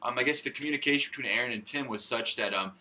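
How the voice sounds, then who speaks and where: A man's voice: medium pitch, fast, pushed and bright, low-quality recording. A young man in his twenties, a student filmmaker describing the project loosely with many fillers. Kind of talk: documentary interview.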